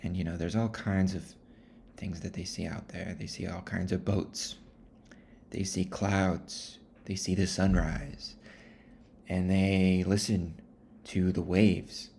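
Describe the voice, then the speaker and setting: Low-voiced man rambling through a story. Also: slow, gravelly, a little hiss or hum. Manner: rambling, offhand, deadpan asides. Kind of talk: comic casual book retelling.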